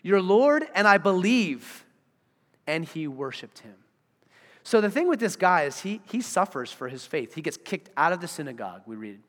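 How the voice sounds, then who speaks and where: A male pastor preaching with a lively, swooping delivery in a slightly high voice. He slips into the voices of the people in his stories. His words ring out with a long tail of reverb from a church hall. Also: fairly quick. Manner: animated, acts out voices of the people he describes. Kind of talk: sermon.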